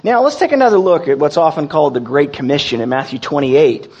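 A male preacher delivers a sermon in a folksy, halting way, stopping to restart his phrases. His voice sits somewhat high for a man. It comes through a muffled, low-fidelity recording. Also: expressive, a little mellow, husky. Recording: dull lo-fi recording.

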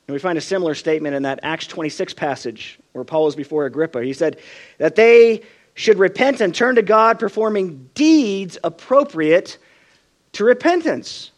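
A man preaching a sermon with a high, lively voice that swoops up and down. He tells his stories with feeling and acts out the voices of the people in them. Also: normal speed. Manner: expressive storytelling, acts out quoted voices.

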